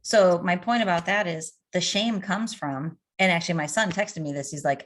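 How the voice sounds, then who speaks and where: Lively middle-aged woman telling stories. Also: on the low side, moderate pace. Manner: animated, storytelling with anecdotes. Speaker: addiction coach. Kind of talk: conversational interview answers.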